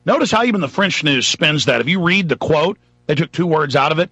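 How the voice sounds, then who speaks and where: A man's voice: on the high side, animated, a little fast, sharp tone, breathy edge, no room sound. A man hosting a talk radio show, delivering an emphatic, ranting monologue. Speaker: radio host.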